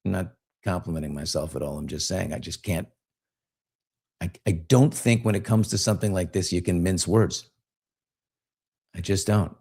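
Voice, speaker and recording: A man's voice: low-pitched, steady tone, normal speed, gravelly, long pauses, dark tone, breathy edge. An older man, hosting a podcast in loose, conversational commentary, reading comments aloud and often trailing off and restarting. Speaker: podcast host. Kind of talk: casual commentary. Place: studio.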